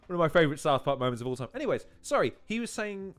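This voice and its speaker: A man's voice: on the high side, sing-song, racing, few pauses. A man hosting a watch-along, commenting casually on a video with frequent laughter and rambling asides. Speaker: host.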